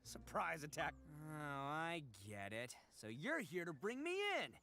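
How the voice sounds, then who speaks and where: An actor playing a blustering young male gang boss who stammers and brags, soft-hearted under the bravado. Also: fairly high pitch, very animated, unhurried, slight background noise, exaggerated voice. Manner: stammering, boastful, hesitant.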